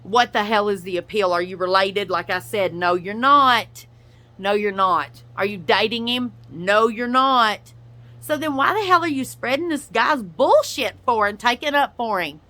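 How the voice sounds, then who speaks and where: A woman's voice: medium pitch, expressive, a little slow, sharp tone. A woman ranting straight at another person in a blunt, profane, confrontational reaction video. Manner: addresses another person directly. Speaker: YouTuber and podcaster. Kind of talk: angry reaction rant.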